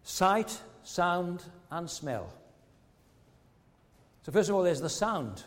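A man's voice: high voice, big pitch swings, slow pace, big-room sound. A man preaching a sermon earnestly, asking rhetorical questions and often repeating words as he goes.

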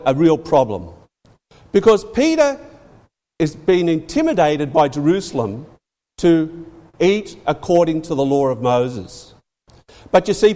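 A man's voice: a little high, darkish tone. A man preaching a sermon, emphatic, repeating phrases and leaning hard on key words. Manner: emphatic, rising and falling for stress, repeats phrases. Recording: long hall reverb.

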